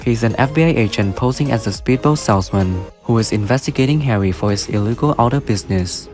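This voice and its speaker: A man narrating a video in a flat, list-like scripted read. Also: medium pitch, quick pace, soft background music. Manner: flat, list-like reading of names and ages. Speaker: narrator of a cast then-and-now video.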